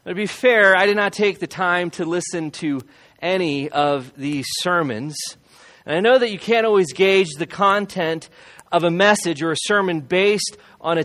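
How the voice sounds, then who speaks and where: A man preaching a sermon as a pastor, earnest and emphatic, repeating key phrases and slowing down to stress them. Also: sits high, fairly bright tone.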